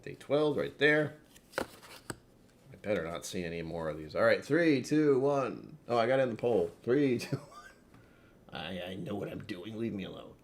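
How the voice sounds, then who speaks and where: A man's voice: mid-range voice, sing-song, normal speed, a little hiss or hum. A man hosting a whiskey tasting livestream, chatting casually with viewers in a wry, self-mocking way.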